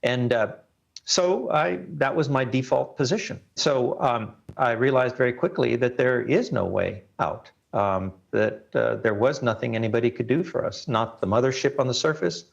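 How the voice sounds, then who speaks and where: A man being interviewed as a guest, earnestly recounting a personal ordeal and letting his voice sink low at the grim parts. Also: normal speed, vocal fry, highs cut off. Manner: earnest storytelling, voice drops low at grim moments. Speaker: guest, reporter.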